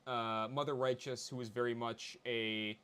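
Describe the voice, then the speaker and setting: A man's voice: medium pitch, little pitch movement, normal speed, sharp tone, clear, resonant tone. Easygoing man guest chatting. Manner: easygoing, breaks into camp voice impressions. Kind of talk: casual chat.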